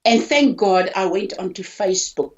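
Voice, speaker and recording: An older woman from South Africa recounts her hospital experiences with raw emotion, stumbling and repeating herself as she talks. Her pitch sits mid-range for a woman. The audio is dull and lo-fi. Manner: halting, repeats words, voice rising when upset. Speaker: interviewee, hospital patient. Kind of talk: emotional personal account.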